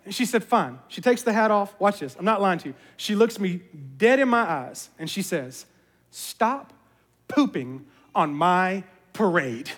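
A man, a pastor, giving a sermon as an animated, self-mocking storyteller. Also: high-pitched, brisk, few pauses. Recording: long reverb of a large hall.

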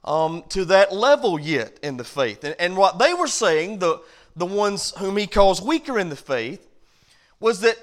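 A pastor teaches a Bible study in a church, talking with his listeners as much as preaching to them. His voice sits high for a man, and he swings from loud, pressing stretches down to hushed asides. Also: big pitch swings, unhurried. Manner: conversational preaching with big swings in loudness.

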